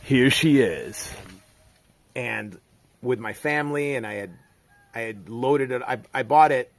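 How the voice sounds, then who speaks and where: A man's voice: medium pitch, normal speed. A middle-aged man, telling a rambling story in a casual monologue full of fillers and restarts. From United States. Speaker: vlogger.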